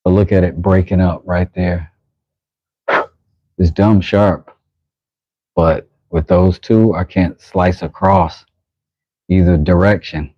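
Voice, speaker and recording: A man's voice: deep voice, fairly even intonation, slow, pauses often, dry recording, highs cut off. A man hosting a livestream from his workshop, chatting casually with viewers and reacting aloud as he works. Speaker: livestream host and knifemaker. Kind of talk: casual livestream chat while working.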